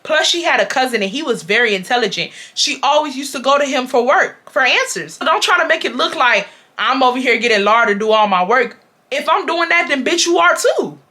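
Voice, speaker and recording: A young woman in her twenties from Houston, speaking, telling a storytime to viewers in a blunt, profane, animated way. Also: high-pitched, a little fast. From Houston, Texas. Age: 20s. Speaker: vlogger.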